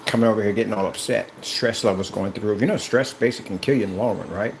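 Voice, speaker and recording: A man presenting and selling his product in an excited vlog, talking straight to his viewers in a preachy, animated way, indoors beside a projector. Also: lowish voice, rapid-fire, slight background noise, rough recording. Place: indoor room with projector and screen.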